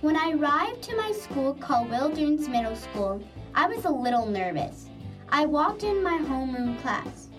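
A woman reading a simple personal story aloud in a lively way, like a school essay. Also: sits high, normal speed. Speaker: narrator. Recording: distant mic under loud music.

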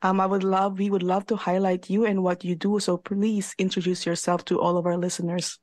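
A woman's voice: medium pitch, little pitch movement, a little fast, darkish tone, dry recording. A woman co-hosting a community radio show, talking in a bubbly, effusive way with lots of fillers. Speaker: radio co-host. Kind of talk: casual community radio chat. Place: radio studio.

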